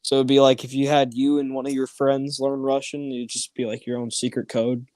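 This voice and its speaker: A man's voice: mid-range voice, little pitch movement, a little fast, darkish tone, clear, resonant tone, dry recording. A man hosting a casual watch-along, rambling and laughing as he comments on a movie. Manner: rambling, laughs often, trails off. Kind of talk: casual chat over a movie.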